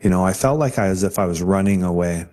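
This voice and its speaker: A man guest telling a personal faith testimony in an earnest, halting way, often restarting his sentences. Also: low-pitched, darkish tone. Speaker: interview guest.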